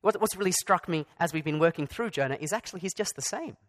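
Male pastor, fairly high voice, chatty sermon full of asides and restarts. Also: expressive, fast talker, fairly bright tone. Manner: conversational with asides and repeated restarts.

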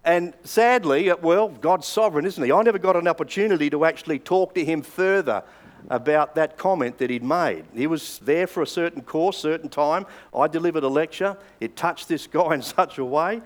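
A man's voice: a little high, normal speed. An older Australian man preaching a sermon, telling stories in a conversational way with hesitant fillers. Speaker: pastor.

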